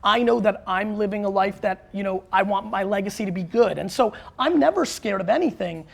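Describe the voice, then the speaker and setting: A man with a gravelly, husky voice speaks in an animated studio interview. He is blunt and emphatic, and keeps restarting his sentences in his excitement. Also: high-pitched, brisk. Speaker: author and marketer, guest.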